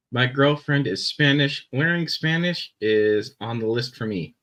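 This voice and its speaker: A young Canadian man with a Canadian accent chatting casually on a live stream, rambling with many fillers and pauses. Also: mid-range voice, lively intonation, a bit bright, low-quality recording.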